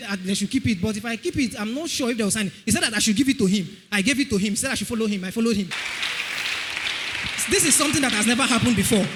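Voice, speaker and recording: A young man with a Nigerian accent tells an animated testimony in church, acting out the voices of others. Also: very high voice, long reverb tail, a little hiss or hum. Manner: animated storytelling, acts out voices. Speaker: church member giving testimony.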